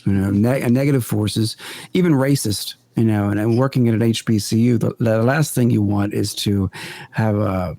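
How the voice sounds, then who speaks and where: A paranormal investigator appears as a podcast guest, telling earnest stories conversationally in an interview and building them deliberately step by step. His mellow, lowish voice stays fairly even, with no echo.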